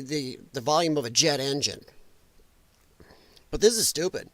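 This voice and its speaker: A man's voice: fairly high pitch, fairly quick, fairly bright tone, no room sound. A man hosting a political podcast, delivering an angry, profane rant full of mocking voices. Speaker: podcast host.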